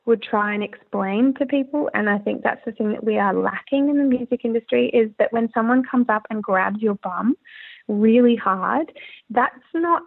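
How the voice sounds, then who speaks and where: Gravelly woman on a tinny line. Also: on the high side, normal speed. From Australia. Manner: earnest, candid, rambling with restarts. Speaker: musician guest. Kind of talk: casual interview talk.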